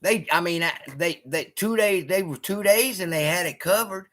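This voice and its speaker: With a voice that sits high and a moderate pace, a male stream host banters casually with his audience. He curses a lot, stays animated, and heckles the chat while responding to viewers.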